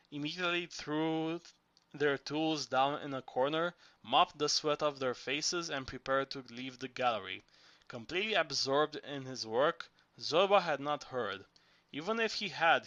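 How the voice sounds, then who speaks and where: A man reading novel narration aloud, steady with small restarts. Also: medium pitch, a little slow, dry recording, muffled recording. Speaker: audiobook reader.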